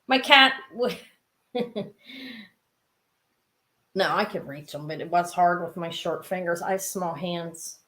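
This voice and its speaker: A woman's voice: on the low side, takes it slowly, long pauses, sharp tone. A middle-aged woman chatting casually as she sells jewelry in a live-stream auction, rambling with asides.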